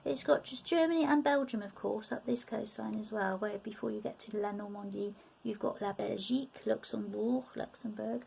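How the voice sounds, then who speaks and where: A middle-aged French teacher sits at a table in a room, leading a beginners' language lesson. She is patient, repeats words slowly, and often checks in with "okay?". Her medium-pitched voice is gravelly, a little mellow, and slightly rough.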